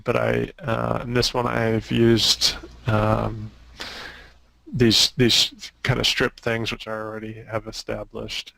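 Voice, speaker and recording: Gravelly, flat-voiced man showing sketches. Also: fairly low pitch, no echo, low-quality recording. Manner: halting, with many restarts. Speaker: concept artist. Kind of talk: casual show-and-tell on a group call.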